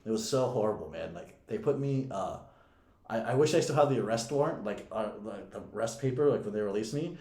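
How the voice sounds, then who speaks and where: A man's voice: lowish voice, expressive, fairly quick, warm tone. A young man and podcast co-host casually telling a story, profane and often laughing. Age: young adult. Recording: echoey room.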